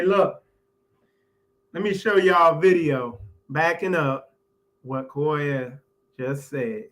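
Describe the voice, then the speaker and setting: A man's voice: a little high, fairly bright tone, rough recording. A man hosting his own show, talking in a loose, chatty commentary monologue with laughs and filler phrases. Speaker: host.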